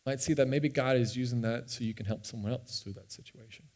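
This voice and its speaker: A young man, a pastor, telling a personal story in a sermon with earnest, animated delivery and frequent restarts. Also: medium pitch, quick pace. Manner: earnest and animated, often repeating words as he restarts. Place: church sanctuary.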